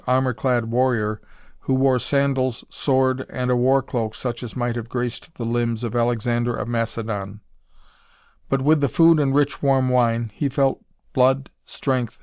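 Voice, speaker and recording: A man narrating a pulp adventure story in a measured, dramatic reading. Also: medium pitch, a little mellow, clean tone, dry recording, studio quality. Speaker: audiobook narrator.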